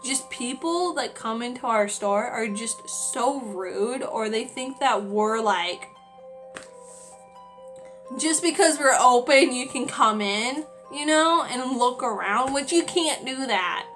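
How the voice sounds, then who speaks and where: A young woman in her twenties chats through a storytime vlog, exasperated and full of "like." Her voice sits high and bright with a crisp edge, and faint music plays underneath. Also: lively intonation, takes it slowly. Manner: chatty, exasperated, many "like" fillers. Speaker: retail worker.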